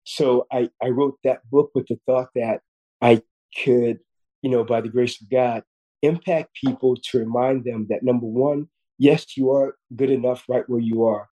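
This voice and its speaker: An earnest man in his fifties, speaking as a podcast guest. His voice sits at a middle pitch with a dark, mellow tone. He tells a personal story and often restarts and repeats words. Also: steady tone, normal speed, low-quality recording. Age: 50s. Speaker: guest surgeon.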